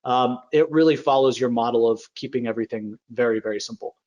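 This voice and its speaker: A man's voice: medium pitch, fast talker, darkish tone, dull audio. Agreeable male podcast host. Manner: agreeable, summarizing and prompting questions. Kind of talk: conversational podcast interview.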